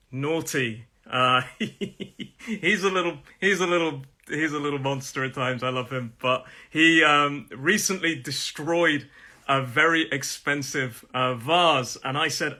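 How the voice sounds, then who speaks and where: A man with a Nottingham accent, teaching a live online English pronunciation lesson and repeating each word slowly for learners to copy. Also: fairly high pitch, pushed and bright. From Nottingham, England.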